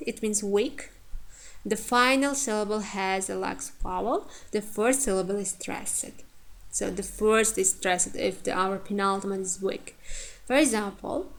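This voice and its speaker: A woman teaching pronunciation, saying each example word slowly and twice to show where the stress falls. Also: mid-range voice, poor audio. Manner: slow and deliberate, repeating example words with stress. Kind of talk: lesson.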